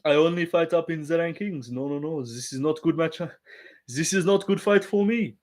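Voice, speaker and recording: A man voicing an adult male French heavyweight fighter who speaks halting, broken English in a put-on French accent. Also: on the high side, a little mellow, lightly acted. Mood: fretful.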